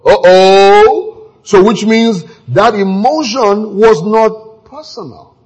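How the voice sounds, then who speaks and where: A man preaching a sermon, animated and acting out scenes with sudden exclamations, his voice very husky. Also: high voice, slow pace.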